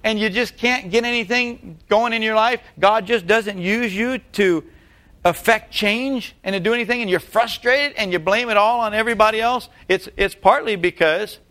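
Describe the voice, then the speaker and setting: Guy preaching, pretty high voice, keeps asking the church questions, hammers his points. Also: normal speed, a bit bright. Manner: asks the congregation rhetorical questions; emphatic, repeats key phrases. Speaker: pastor. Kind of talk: sermon.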